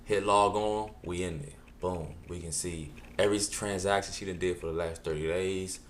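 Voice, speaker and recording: A man telling a stand-up story in an animated, punchy way, with exasperated asides. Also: deep voice, moderate pace, slight background noise. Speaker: comedian.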